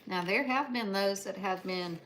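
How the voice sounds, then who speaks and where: A woman's voice: mid-range voice, moderate pace, a bit bright, a little hiss or hum. An older woman chats in a motherly way with her viewers while she cooks at home on a livestream. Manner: chatty, motherly, talks to viewers by name while cooking. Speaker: livestream host. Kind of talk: casual cooking livestream chat. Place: home kitchen.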